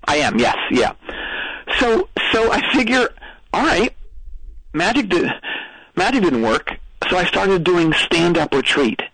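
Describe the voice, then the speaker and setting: A man's voice: high-pitched, sing-song, a little slow, pauses often, fairly bright tone, breathy edge, no echo, low-quality recording. A man calling in to a radio comedy show, telling a rambling story with lots of stammers and restarts. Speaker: caller.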